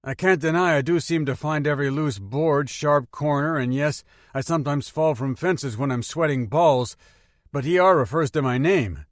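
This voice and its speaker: Male narrator doing a self-deprecating aide with a Spanish accent, higher and louder than the narration. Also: normal speed, dry recording, clean studio sound, lightly acted. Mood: rueful. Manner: self-mocking, rueful. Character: clumsy, good-humored male military aide.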